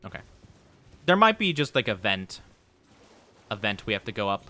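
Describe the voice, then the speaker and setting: Animated, bright-voiced male game streamer. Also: fairly low pitch, normal speed. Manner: chatty and playful, laughs often. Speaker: VTuber streamer. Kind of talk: casual gaming commentary to chat.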